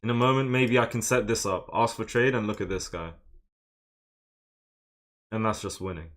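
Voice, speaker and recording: Young man streaming chess, low voice. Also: moderate pace, noisy background. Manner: muttering his moves, then bursts into loud frustrated exclamations. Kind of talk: live commentary while playing online chess.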